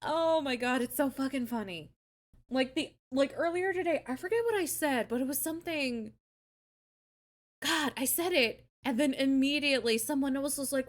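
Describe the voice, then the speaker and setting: A woman's voice: high-pitched, lively intonation, brisk. A young woman chatting casually as a stream host, bubbly and giggly, swearing freely. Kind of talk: casual chat.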